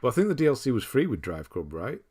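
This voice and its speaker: A husky, mid-range voice belongs to a fast-talking streamer host from northern England with a mild accent. He reads out viewer comments on his casual livestream, rambling in a relaxed way and chuckling often.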